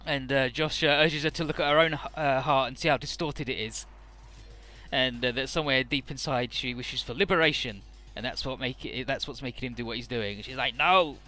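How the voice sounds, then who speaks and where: A man's voice: medium pitch, steady tone, brisk, sharp tone, faint music behind. A man casually recapping a game story as a let's play host, irreverent, swearing, with many fillers.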